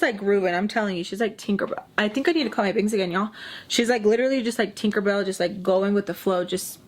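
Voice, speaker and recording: Young woman, storytime vlogger, chatty, lots of "like", mid pitch, acts out quotes. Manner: chatty, heavy use of "like", acts out quotes in quick bursts. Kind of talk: casual storytime chat.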